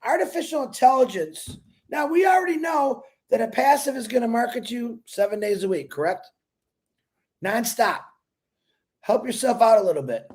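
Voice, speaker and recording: A man hosting a casual live stream, giving an excitable, rambling motivational pitch that bursts into shouts, and greeting his viewers by name. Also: normal speed. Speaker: livestream host greeting viewers.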